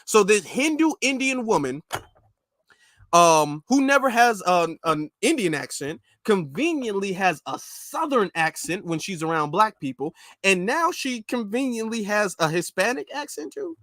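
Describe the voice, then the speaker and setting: A man's voice: sits high, very animated, measured pace, a bit bright, no echo. A man giving opinionated commentary on a close mic, talking in an incredulous, repetitive, ranting way. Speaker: commentary vlogger.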